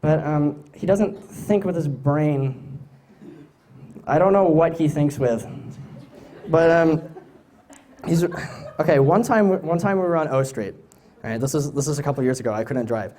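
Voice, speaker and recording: A man's voice: fairly high pitch, a little slow, long pauses, warm tone. Rambling young man telling stand-up stories. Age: young adult. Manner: rambling, self-mocking anecdotes with frequent restarts. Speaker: stand-up comedian. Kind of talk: live stand-up storytelling. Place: stage before a laughing audience.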